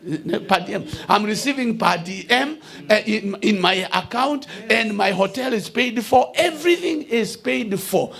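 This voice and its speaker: Gravelly, high-voiced man preaching. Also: lively intonation, unhurried. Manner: builds to shouted declarations, often repeats and restarts words. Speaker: bishop preaching to a congregation. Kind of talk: sermon.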